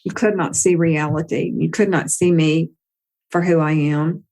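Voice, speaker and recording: A woman's voice: low-pitched, steady tone, a little slow, vocal fry, a little mellow. A woman storyteller voicing the goddess Isis as a stern, regal figure who speaks in a solemn, reproachful way.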